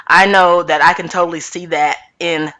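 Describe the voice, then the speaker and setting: A woman chatting through a reality TV recap in a sassy, animated way, talking straight to her viewers. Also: lowish voice, moderate pace.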